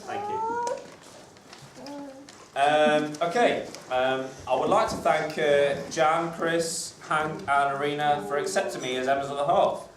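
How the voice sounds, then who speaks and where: A man's voice: fairly high pitch, a little slow, background noise. A man giving his groom's speech at a wedding reception, hesitant, with lots of fillers and jokes. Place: crowded reception hall. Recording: echoey hall, recorded from far off.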